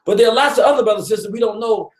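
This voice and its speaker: A man hosting a casual radio talk on history, an animated storyteller who chuckles often and acts out quotes. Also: high voice, very fast, roomy sound. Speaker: radio show host.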